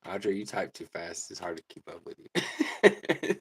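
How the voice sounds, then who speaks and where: A man's voice: low-pitched, big pitch swings, unhurried, husky. A man hosting a casual livestream, chatting laid-back with viewers and laughing often. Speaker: livestream host. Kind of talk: casual livestream chat reading comments.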